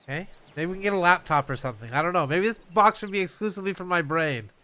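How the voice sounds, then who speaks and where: A man with a high, sharp and bright voice improvises in a live comedy sketch. He asks dry, pointed questions with wry timing and laughs quickly.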